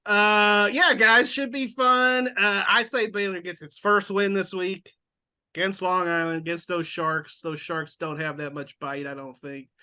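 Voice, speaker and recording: A man's voice: sits high, fairly even intonation, a little slow, sharp tone, clean tone. A man from Texas hosting a casual sports podcast, upbeat and laughing often. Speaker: podcast host.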